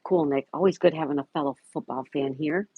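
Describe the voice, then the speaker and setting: A man's voice: on the high side, brisk, slightly rough, no echo, narrow, tinny audio. A man hosting a casual livestream, reading viewer comments aloud and greeting chatters by name. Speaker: livestream host. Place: home in Florida.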